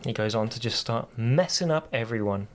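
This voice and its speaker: A man's voice: medium pitch, moderate pace, noisy background. Rambling man on a casual podcast. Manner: rambling, many fillers and restarts. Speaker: podcast co-host. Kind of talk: casual chat retelling a game story.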